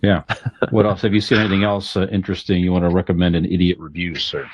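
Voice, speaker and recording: A man co-hosting a podcast in casual chat, handing off segments in a slow drawl. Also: low-pitched, little pitch movement, a little hiss or hum. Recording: dull, muffled lo-fi mic.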